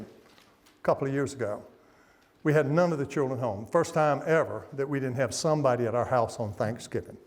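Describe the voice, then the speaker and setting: A man's voice: mid-range voice, a little mellow, in a large hall. An older man preaching a revival sermon, telling homey stories in a folksy way. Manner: folksy storytelling with laughs. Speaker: guest preacher. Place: church sanctuary.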